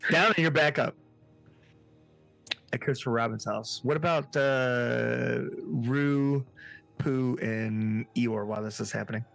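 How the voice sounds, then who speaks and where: A man's voice: medium pitch, slow, creaky, fairly bright tone, faint music behind, poor audio. A man running a tabletop horror role-playing game as game master, playful, narrating scenes and asking the players what they do.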